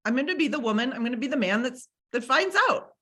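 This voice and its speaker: A middle-aged woman gives a motivational talk over a video call. Her voice is bright and forceful and sits a little high. She talks emphatically and keeps repeating her key points. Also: animated, fast talker. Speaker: motivational speaker.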